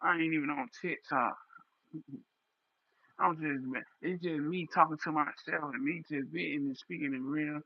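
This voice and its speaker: A man's voice: on the high side, lo-fi sound. A young man talking straight into a livestream in a raw, impassioned, repetitive monologue. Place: livestream setup.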